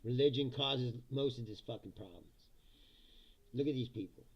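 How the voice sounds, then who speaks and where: A man's voice: medium pitch, moderate pace, gravelly, highs cut off. A man hosting a live-stream, talking in a blunt, profane, ranting way and often laughing between remarks. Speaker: live-stream commentary host.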